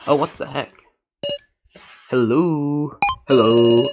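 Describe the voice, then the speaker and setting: A man playing a video game with a friend, joking, yelling in surprise, and reading the game's lines in a flat deadpan. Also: medium pitch, takes it slowly. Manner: jokey, excitable outbursts, flat deadpan reading. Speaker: let's play gamer. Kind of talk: casual gameplay commentary, reading dialogue aloud. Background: loud game music.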